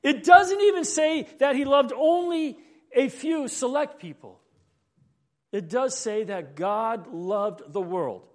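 A man's voice: extremely high pitch, animated, slow. A man preaching a sermon in an earnest way, often repeating words as he gathers his thoughts. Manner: earnest, building and falling in emphasis; repeats words when thinking.

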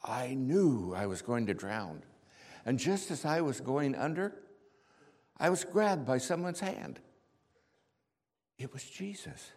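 A man's voice: mid-range voice, lively intonation, slow pace, long pauses. A man playing impulsive, earnest Peter. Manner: heartfelt storytelling, rising to shouts. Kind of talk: dramatic first-person monologue. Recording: long hall reverb.

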